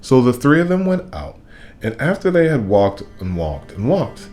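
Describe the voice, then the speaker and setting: A man reading a children's storybook aloud in an expressive, playful way. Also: mid-range voice, moderate pace, faint music behind. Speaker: storybook reader.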